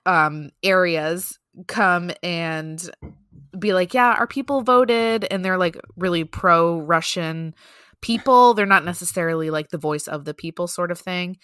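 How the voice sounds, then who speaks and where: Casual female podcast co-host, chatty, bright tone, dry close sound. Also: on the low side, steady tone, unhurried, smooth, dry recording. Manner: chatty, laughs often, loose fillers. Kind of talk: casual news chat.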